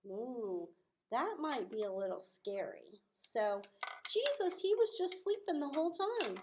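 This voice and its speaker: A young woman tells a story to children, drawing it out slowly. Her voice sits a little high and jumps up for the voices she acts out. She drops to a soft hush for the quiet parts. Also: background noise. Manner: animated, acts out voices with big swells. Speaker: children's ministry teacher.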